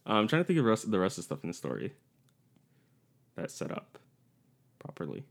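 Young male podcast co-host, very low register, loose and rambling, quick to laugh. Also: huge pitch swings, gravelly. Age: young adult. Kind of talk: casual chat.

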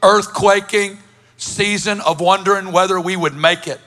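Bright, high-voiced emphatic male preacher. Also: fairly even intonation, moderate pace. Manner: emphatic, builds to passionate lists. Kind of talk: sermon storytelling.

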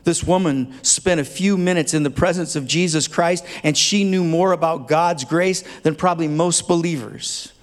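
A man's voice: a little high, moderate pace, few pauses. A man preaching a sermon as a pastor, speaking earnestly and tenderly, building at times to fervent emphasis. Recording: long hall reverb.

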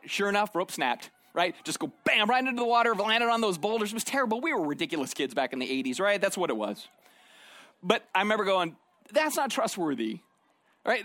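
A man's voice: high voice, a bit bright, no echo. A middle-aged man preaching a sermon in a conversational storytelling way, often tagging his points with "right?". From Arizona. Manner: conversational storytelling, frequent "right?" tag questions. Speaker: pastor.

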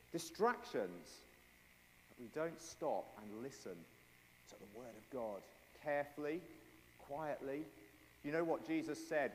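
A man preaching a sermon with a playful children's object lesson, acting out the voices of doubters. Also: on the high side. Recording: long echoey hall reverb.

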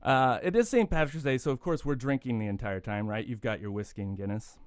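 A man hosting a casual chat, telling jokes as long rambling stories. His voice sits at an ordinary middle pitch. The mic is close and dry, with no room sound. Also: a little fast, clean tone, dry recording. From Irish heritage. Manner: rambling storyteller, laughs at his own jokes. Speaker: podcast host.

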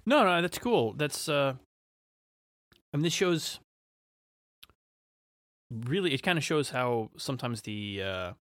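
Dude on a podcast, mid voice, dry close sound, lots of ums, thinking out loud. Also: male voice, mid-range voice, very animated, slow pace, long pauses, no echo. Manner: thoughtful, hesitant with many ums. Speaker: podcast co-host. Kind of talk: casual podcast chat.

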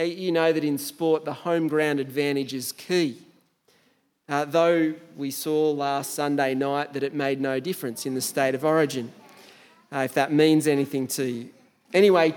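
A man's voice: on the high side, fairly even intonation, normal speed. A man with an Australian accent preaching a sermon in a conversational way, asking the listeners rhetorical questions and sometimes stumbling over words. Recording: long reverb in a large hall.

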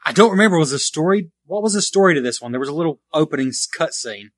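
A man's voice: fairly high pitch, expressive, fast talker, dry recording. A man co-hosting a casual podcast about retro video games, rambling and correcting himself as he goes, often laughing. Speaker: podcast co-host.

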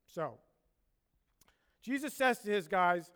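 High-voiced male pastor preaching. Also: expressive, unhurried. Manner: conversational, emphatic preaching. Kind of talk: sermon.

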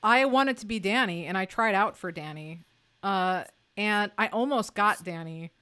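Woman co-host, casual chat, animated and laughing storyteller, smooth resonant voice. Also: medium pitch, moderate pace. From Brooklyn, New York.

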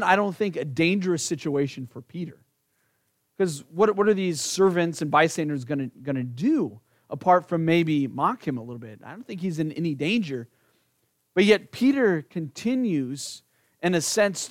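Middle-aged male pastor, chatty sermon delivery, slightly high voice, dry close sound. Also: no room sound. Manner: conversational, asks "right?" often.

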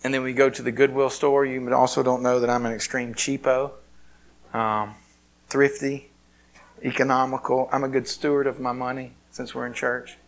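A man's voice: medium pitch, flat delivery, normal speed, gravelly. A man preaching a sermon, telling a personal story in a conversational, self-deprecating way. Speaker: pastor.

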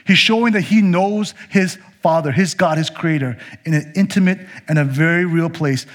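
A man preaching a sermon, earnest and expressive, slowing down to stress key phrases. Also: on the high side, husky. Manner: earnest, expressive, slows for emphasis. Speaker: pastor.

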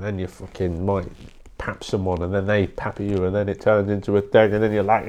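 A man's voice: on the low side, flat delivery, fairly quick, darkish tone, slight background noise. A young man hosting a podcast, rambling bluntly in a casual solo monologue and swearing often. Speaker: podcast host.

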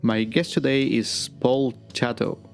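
Measured, halting male podcast host. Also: mid-range voice, fairly even intonation, gravelly, soft background music. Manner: measured, halting, searching for words. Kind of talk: podcast interview.

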